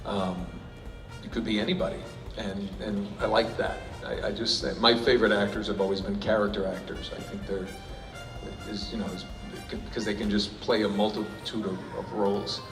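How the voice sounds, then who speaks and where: Speaking on the low side in a level tone at normal speed, a male voice actor on a convention panel answers audience questions with rambling jokes and frequent restarts, interrupting himself along the way. Music plays in the background, and the large hall sounds echoey from the far-off mic.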